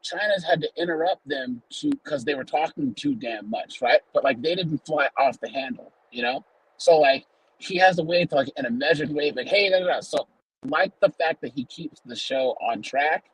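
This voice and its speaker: Husky male guest, rambling casual chat, dry close sound. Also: fairly high pitch, normal speed, dry recording, poor audio. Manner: rambling, joking, many fillers. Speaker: panel guest.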